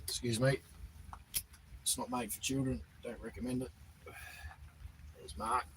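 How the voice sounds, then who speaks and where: A man's voice: medium pitch, flat delivery, unhurried, background noise. Chatty man greeting his livestream viewers. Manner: chatty, reads out viewer names and greets them. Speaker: livestream host. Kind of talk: casual livestream chat reading comments. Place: outdoors in the cold.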